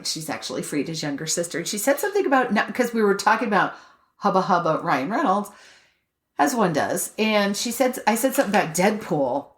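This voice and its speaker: A woman's voice: mid-range voice, brisk. A woman co-hosting a podcast in casual chat, joking with wordplay and telling stories. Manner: joking, wordplay, animated storyteller. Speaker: podcast co-host.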